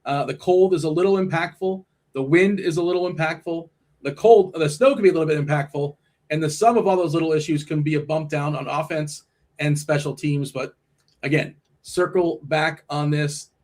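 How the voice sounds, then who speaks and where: A man's voice: on the high side, moderate pace, a little mellow. A man hosting a casual sports talk show, leading the segment and reading out numbers with plenty of fillers. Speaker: podcast host.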